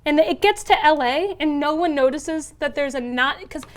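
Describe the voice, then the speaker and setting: A woman's voice: high-pitched, normal speed. A young woman co-hosting a podcast, casually picking apart a film with exasperated sarcasm. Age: young adult. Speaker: podcast co-host. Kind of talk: casual film discussion chat.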